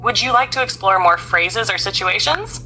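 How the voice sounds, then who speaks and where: A woman's voice of an AI assistant, polite, even and helpful. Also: mid-range voice, moderate pace, slight background noise. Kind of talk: synthetic assistant speech.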